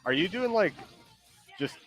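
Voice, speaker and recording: A man's voice: high-pitched, sing-song, measured pace. Laid-back man streamer, faint music behind. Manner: laid-back, hesitant, laughs often, reads chat aloud. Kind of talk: casual stream chat.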